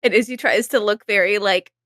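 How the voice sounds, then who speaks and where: A woman's voice: mid-range voice, a little fast, fairly bright tone, dry recording, studio quality. A woman player describing her character's actions in a tabletop game, in a casual way peppered with filler words.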